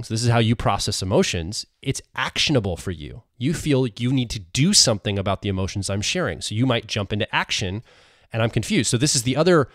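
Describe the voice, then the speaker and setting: Podcast co-host, male, lowish voice, dry close mic, thinks aloud with restarts. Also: no echo. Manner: talks through ideas with frequent restarts. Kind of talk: conversational podcast explanation.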